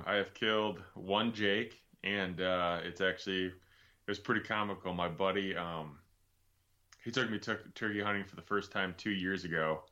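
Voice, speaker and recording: Deep bright-toned man, self-deprecating guest. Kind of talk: casual chat. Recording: slightly dull lo-fi sound.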